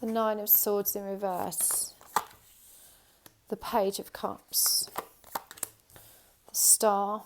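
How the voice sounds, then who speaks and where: A woman's voice: flat delivery, extremely slow, pauses often, noisy background. Woman with a sore throat reading tarot. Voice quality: odd high-pitched twang. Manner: intuitive, repeats "I feel like". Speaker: tarot reader. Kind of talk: pick-a-card tarot reading.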